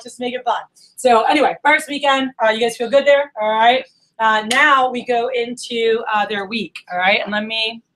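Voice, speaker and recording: A young woman runs a training session for sales managers. She talks casually and with energy, slipping into quick impressions of her reps and of herself. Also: fairly high pitch, low-quality recording. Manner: animated, acts out quoted dialogue. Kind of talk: training workshop talk.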